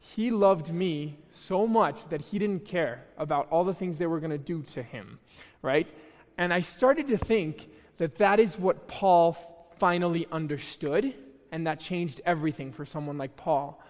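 A man's voice: fairly high pitch, unhurried, a little mellow, long reverb tail. A young man giving a casual, conversational sermon at a church, chatty and self-deprecating, with frequent restarts. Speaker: preacher. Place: church hall.

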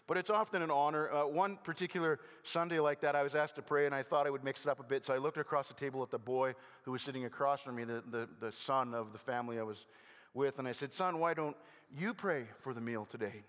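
An older man preaching a sermon as a pastor, conversational with gentle self-deprecating humor and halting restarts. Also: medium pitch, steady tone, clear, resonant tone. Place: church sanctuary. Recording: long hall reverb.

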